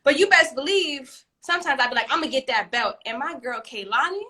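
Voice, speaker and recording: A woman's voice: high-pitched, lively intonation, quick pace, bright, forceful tone. A woman in her thirties from Brooklyn with a New York accent, co-hosting a casual talk show and acting out scenes with swearing and laughter. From East New York, Brooklyn. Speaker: podcast co-host. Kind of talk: casual chat.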